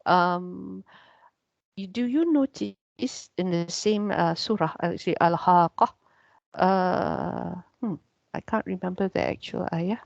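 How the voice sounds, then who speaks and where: A woman's voice: on the low side, takes it slowly, vocal fry, darkish tone, dry recording. A woman teacher giving a casual lecture on Arabic grammar, chatty and full of "yeah" and "you know" fillers. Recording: dull, muffled sound.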